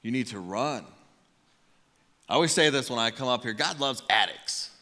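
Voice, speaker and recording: A man delivers a storytelling sermon from the stage of a large church auditorium, acting out quotes with comic energy. His voice is very bright and cutting, and a long hall reverb rings after each line. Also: medium pitch, expressive, moderate pace. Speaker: preacher.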